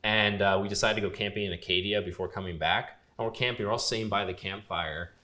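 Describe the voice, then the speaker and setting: Low-leaning and steady, with a quick pace and a bright, forceful tone, a young man recounts a lengthy story as a podcast guest. A grip and gaffer, he stays laid-back, leaning on fillers and quoting others.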